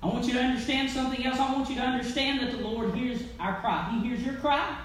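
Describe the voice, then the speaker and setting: A woman preaching a sermon in a church, swinging from loud calls to near-whispers. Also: sits high, steady tone, quick pace. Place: church sanctuary. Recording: echoey church with faint noise.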